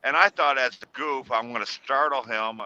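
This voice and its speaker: A middle-aged man telling a ghost story on a call in a casual, rambling way with halting restarts. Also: mid-range voice, bright, forceful tone, dry recording, muffled recording.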